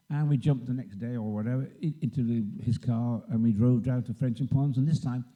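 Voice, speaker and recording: A man's voice: mid-range voice, fairly even intonation, fairly quick, few pauses, mellow, lo-fi sound. An older man telling rambling anecdotes on a convention panel and acting out the voices of people he quotes. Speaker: guest actor on a convention panel. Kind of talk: anecdotal storytelling. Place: convention stage.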